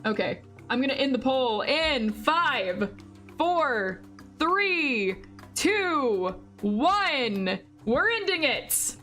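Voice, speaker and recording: A woman's voice: sits high, sing-song, very slow, sharp tone, soft background music. A woman streamer reading a visual novel aloud and chatting with her viewers, chatty and giggly. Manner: chatty, giggly, talks to chat.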